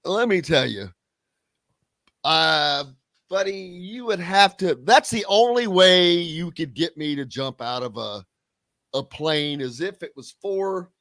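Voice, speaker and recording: A man hosting sports talk radio, his voice lively and swinging up and down in pitch as he chats. He sits a little high for a man and sounds dry and close, with no room around him. He reads listener comments in a loose, easygoing way. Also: takes it slowly, no room sound. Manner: chatty and animated, reads listener comments aloud.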